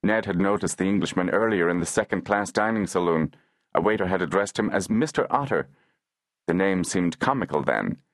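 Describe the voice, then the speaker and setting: Male audiobook narrator, very low voice, dry close studio sound, measured and unhurried delivery. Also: animated, dry recording.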